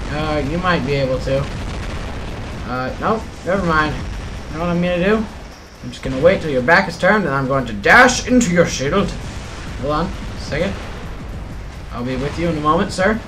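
A man giving playful, chatty gameplay commentary, talking to himself and to his opponents as he plays. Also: on the high side. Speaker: mobile game channel host.

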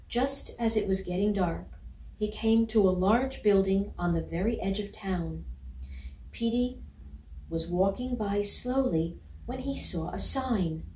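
A woman reading a children's picture book aloud in a gentle, measured storytelling voice. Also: mid-range voice. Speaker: storybook reader. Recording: roomy, from a distance.

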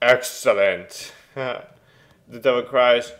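A young man giving casual, excitable let's play commentary and reading game text aloud at home. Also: mid-range voice, takes it slowly.

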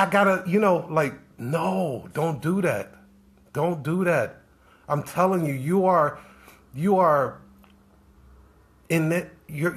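Preachy, repetitive man coaching on a live stream. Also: a little high. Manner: preachy, rhetorical questions, repeats himself. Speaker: business coach. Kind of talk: live-stream motivational talk.

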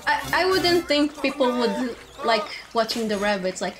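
A woman streaming a video game in casual commentary, excitable, swearing and laughing often. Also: fairly high pitch, normal speed, few pauses, crowd noise. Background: game music.

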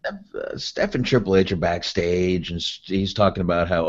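A man's voice: low voice, normal speed, few pauses. A man co-hosting a casual podcast, laid-back and agreeable, recapping events. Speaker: podcast co-host. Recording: muffled lo-fi podcast audio.

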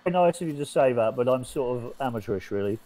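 A man's voice: mid-range voice, lively intonation, fast talker, warm tone, no room sound. A man from England, a podcast guest who tells stories modestly, stammering and repeating himself. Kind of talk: casual storytelling.

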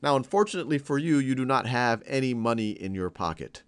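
A man's voice: mid-range voice, expressive, fast talker, smooth. A man teaching algebra in a casual, conversational way, narrating a whimsical story problem. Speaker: math teacher. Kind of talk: casual explanatory math lesson.

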